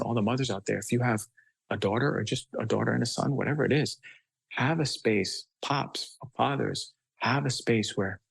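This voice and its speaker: A man's voice: lowish voice, vocal fry, slightly rough, no room sound, poor audio. A man speaking as a guest doctor on a podcast, talking with passion and force, now and then acting out children's voices. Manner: emphatic, acts out children's voices.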